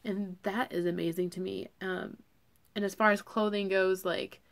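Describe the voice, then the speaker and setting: A woman's voice: mid-range voice, fairly even intonation, normal speed, vocal fry. A young woman talking casually to camera as a vlogger, chatty and full of fillers.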